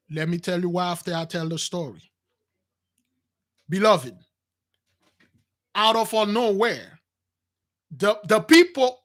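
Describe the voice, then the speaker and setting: A man telling a dramatic personal story to his listeners, acting out the quotes, with repeats and restarts. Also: sits high. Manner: animated retelling with acted quotes, addresses "brothers"; non-standard grammar, repeats and restarts. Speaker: spiritual channel host.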